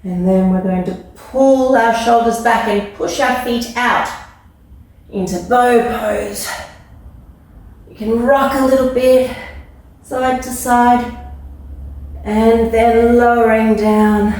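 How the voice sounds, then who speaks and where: Slow, gentle kids yoga teacher, echoey. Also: female voice, on the high side, fairly even intonation. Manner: gentle, encouraging, playful instructions. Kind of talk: guided kids yoga class. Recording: echoey room, mic far off.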